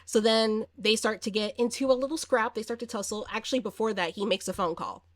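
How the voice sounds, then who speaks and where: A woman's voice: on the high side, a little fast, no room sound, clean studio sound. Chatty woman recapping a horror movie. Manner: chatty and animated, acts out quoted lines, many fillers. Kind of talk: casual spoken movie recap.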